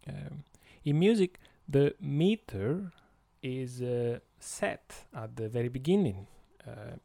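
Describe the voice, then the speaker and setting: A man with an Italian accent, Italian his first language, hosting an educational podcast at an unhurried, halting pace. His tone is mellow and dark, with a gravelly edge. The recording is dry and close. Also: mid-range voice, lively intonation, no echo. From Italy. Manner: slow and hesitant, many fillers. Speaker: podcast host.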